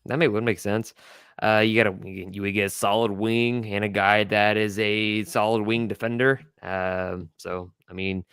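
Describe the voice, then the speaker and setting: Smooth low-voiced blunt podcast man. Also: flat delivery, moderate pace, a bit bright, no echo, studio quality. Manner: blunt opinions, often trips over restarts. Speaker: podcast co-host. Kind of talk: casual sports podcast chat.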